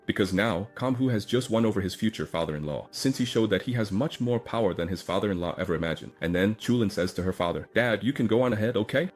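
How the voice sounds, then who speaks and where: A man's voice: deep voice, fast talker, hardly any pauses, a little mellow. A man narrating a comic story recap in a chatty, casual retelling style, linking events with frequent asides.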